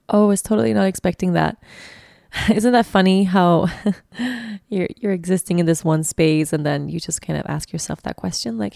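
A woman's voice: lowish voice, normal speed, gravelly, mellow, no room sound, clean studio sound. A woman hosting her own podcast, talking in a casual, heartfelt, reflective way from a guest bedroom, often restarting her sentences. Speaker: podcast host. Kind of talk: casual solo podcast monologue. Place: guest bedroom, sitting on a bed.

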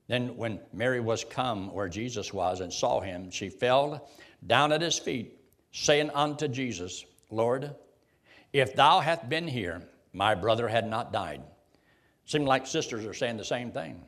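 A man's voice: medium pitch, lively intonation, unhurried, fairly bright tone. Guy leading bible study, swoops up and down a lot, asks the group stuff, down-home talk. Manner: folksy, reads King James verses aloud and quizzes the group.

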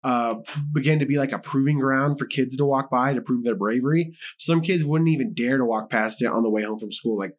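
A man's voice: mid-range voice, a little fast, hardly any pauses. A young man co-hosting a podcast, casually retelling a true crime case in loose, profane slang and laughing often. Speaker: podcast co-host.

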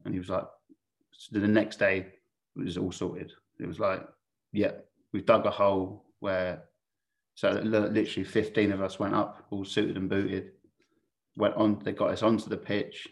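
Male podcast guest, low voice, candid and chatty, swears freely, restarts often as he tells his story. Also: little pitch movement, moderate pace, gravelly. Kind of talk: casual anecdotal storytelling.

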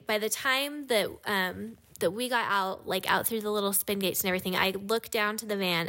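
A woman's voice: medium pitch, creaky, a bit bright. A woman in her thirties, an adoptive mother, telling a family story in a rambling, casual way with lots of "like". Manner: rambling, heavy use of "like", quick asides. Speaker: adoptive mother and podcast guest.

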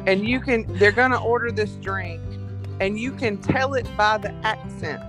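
Southern woman chatting on a podcast, lively storyteller, guitar music playing behind. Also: mid-range voice, moderate pace. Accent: Southern American. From American South. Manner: animated storytelling, frank. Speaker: guest, coffee entrepreneur. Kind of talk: casual podcast conversation.

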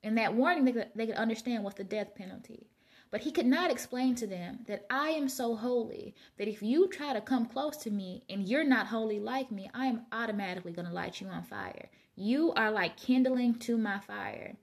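Speaking at a moderate pace in a voice on the high side, this woman vlogs about Bible study, reading passages and then reflecting on them informally.

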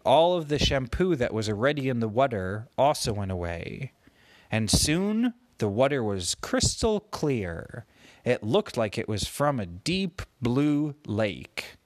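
A man slowly making up a gentle bedtime story for his child, with playful voices for the characters. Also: mid-range voice, no echo. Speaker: parent telling a bedtime story.

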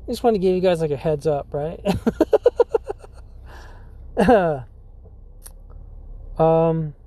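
High, mellow-voiced man, rambling laid-back podcast host, cusses a lot. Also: takes it slowly, dry recording. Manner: rambling, full of likes, dudes and swearing; laughs often. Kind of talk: casual storytelling.

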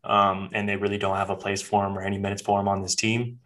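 A man's voice: on the low side, little pitch movement, quick pace, fairly bright tone, low-quality recording. A man co-hosting a podcast, chatting casually about sports in a laid-back, loose way. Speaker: podcast co-host.

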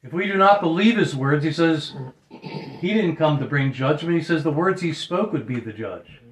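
A man's voice: fairly high pitch, expressive, moderate pace. A man preaching a sermon earnestly, often repeating phrases for emphasis. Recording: roomy echo.

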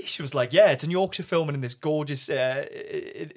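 A man's voice: fairly high pitch, fast, hardly any pauses, dry recording, clean studio sound. A young man, co-hosting a casual chat and acting out the voices of people in his stories. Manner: animated storyteller, acts out quoted voices. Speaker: podcast co-host.

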